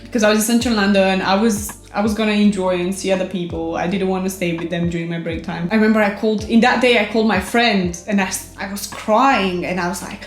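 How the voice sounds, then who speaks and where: A woman's voice: mid-range voice, steady tone, fast, few pauses. A woman in her twenties telling a story from her own life for a vlog, chatty and emphatic, often saying "like". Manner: chatty, emphatic retelling with frequent "like". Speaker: vlogger. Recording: roomy echo with faint background music.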